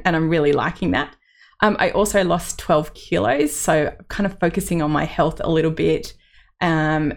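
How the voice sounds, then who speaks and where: Low-voiced woman, candid podcaster. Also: gravelly. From Australia. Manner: candid and personal, with laughs and fillers. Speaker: podcast host. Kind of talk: reflective solo podcast.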